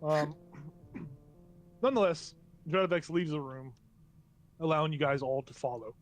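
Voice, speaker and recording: Male game master, slightly high voice, rambling scene-setter. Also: normal speed. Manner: loose, meandering scene description. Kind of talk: narrating a tabletop game.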